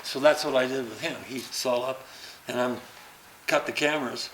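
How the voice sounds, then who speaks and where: An older man, a stuntman, telling an animated story about a past job and acting out the action. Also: medium pitch, normal speed, a little hiss or hum. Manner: animated, acts out the action with sounds and laughter. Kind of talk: anecdotal storytelling. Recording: roomy recording.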